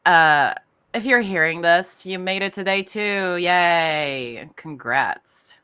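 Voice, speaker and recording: A woman's voice: fairly low pitch, animated, slow, bright, forceful tone, clear, resonant tone, exaggerated voice. A woman voicing a bored man leaving phone messages for a night-shift worker, disdainful and over it. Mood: deadpan weary. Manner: disdainful, over-it customer service.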